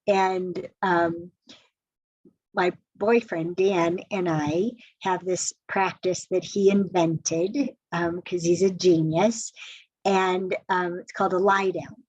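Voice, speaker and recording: A woman hosting a live relationship Q&A, telling a personal story in a chatty, animated way with asides to viewers. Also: lowish voice, slow, breathy edge, no echo. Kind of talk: casual live-stream storytelling. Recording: dull lo-fi stream audio.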